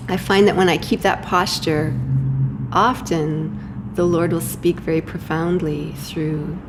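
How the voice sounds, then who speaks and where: A woman's voice: sits low, steady tone, a little slow, background noise. A woman being interviewed, reflecting in a conversational way, hesitant, with many fillers and restarts. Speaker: interview guest.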